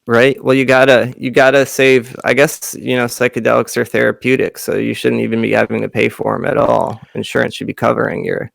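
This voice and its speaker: A man's voice: medium pitch, steady tone, a little fast, vocal fry, hardly any pauses, fairly bright tone, dry recording. A man with a Western Massachusetts accent co-hosting a comedy podcast, rambling through jokey asides in casual chat on a close mic. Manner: joking, rambling, wry asides. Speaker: podcast co-host.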